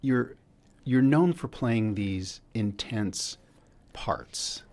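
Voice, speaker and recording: A man's voice: lowish voice, expressive, drawn-out words, a little mellow. A man hosting an interview, asking curious questions with a joking touch. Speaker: host. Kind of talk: casual interview chat.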